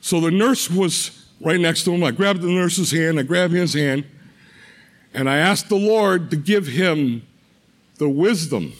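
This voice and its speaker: A middle-aged man with a notably high voice shares a personal faith testimony. He speaks earnestly and haltingly, circling back on words and restarting phrases as he tells his story. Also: a bit bright.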